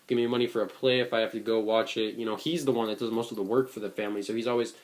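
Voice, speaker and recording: A man's voice: lowish voice, steady tone, rapid-fire. A young man in his late teens talks in a casual reflective vlog. He sounds earnest and rambling, with many fillers and restarts. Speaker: vlogger.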